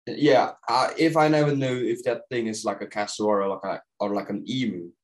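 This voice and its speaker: A man's voice: mid-range voice, steady tone, normal speed, poor audio. Rambling young Indonesian man, casual chat. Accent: Indonesian-accented English shifting toward British. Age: young adult. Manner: rambling, heavy use of "like". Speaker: podcast co-host.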